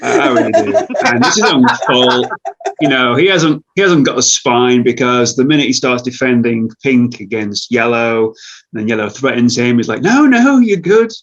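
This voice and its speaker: Male cast member, wry and frank, mid pitch, dull lo-fi recording. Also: fairly even intonation, moderate pace, fairly bright tone. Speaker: voice actor in the cast. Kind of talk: casual panel chat. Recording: dull lo-fi mic.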